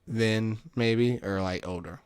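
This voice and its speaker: A man's voice: fairly low pitch, slow, darkish tone, smooth. A man playing a tabletop game, talking in a laid-back, slangy way. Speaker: player. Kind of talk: casual tabletop play.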